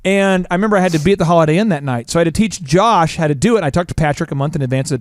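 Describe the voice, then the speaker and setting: A man co-hosting a business podcast tells stories fast, joking and playful, acting out the people in them with quoted voices. His voice is on the high side, recorded at studio quality with no echo.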